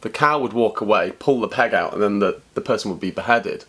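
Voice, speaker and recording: Joking man with a lowish voice. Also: a little fast, bright, forceful tone. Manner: dry, joking tall tales. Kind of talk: casual chat.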